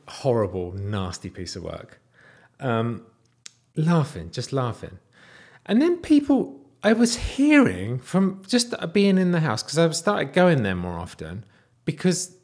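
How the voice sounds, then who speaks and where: A man in his thirties casually telling a personal story, animated, sometimes dropping to a whisper. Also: takes it slowly. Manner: animated, wide swings in pitch and loudness, drops to whispers.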